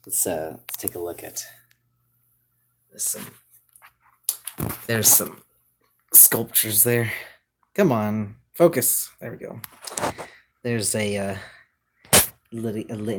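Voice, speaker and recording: A man chatting casually on a live stream, rambling with lots of hesitations and reading out viewer comments, his voice still recovering from hoarseness. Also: on the low side, background noise. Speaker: livestreamer.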